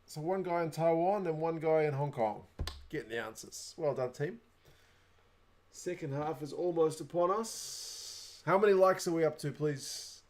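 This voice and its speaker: A man's voice: on the high side, measured pace, a little mellow. A young adult man with a New Zealand accent, hosting a casual livestream, chatting away and reading viewer comments aloud. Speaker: livestream host.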